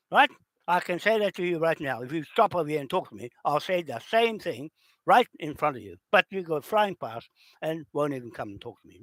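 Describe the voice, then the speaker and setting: Angry kiwi guy ranting and swearing at people, higher voice, dry sound. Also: a bit bright, no echo. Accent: New Zealand. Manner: heated, profane, addresses opponents directly. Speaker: video channel host.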